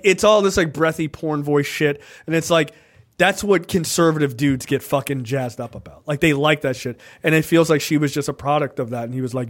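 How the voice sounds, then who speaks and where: Fairly quick and a little high-voiced, this podcast co-host rambles about politics. His talk is casual, animated, and full of swearing, with "right?" thrown in constantly.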